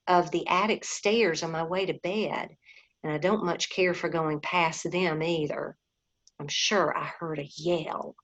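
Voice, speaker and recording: A woman's voice: lowish voice, slightly rough, full character voice. A woman voicing a miserable, wound-up young boy in a storybook reading. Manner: upset, speaking louder. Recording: dull lo-fi recording.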